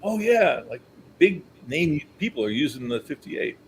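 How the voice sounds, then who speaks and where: An older man spins lively anecdotes from his career, acting out what others said and chuckling along. His pitch sits in the middle for a man. A faint hiss runs under the recording. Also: moderate pace, poor audio. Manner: animated storyteller, acts out quotes, chuckles. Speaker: company historian, guest. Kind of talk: anecdotal storytelling.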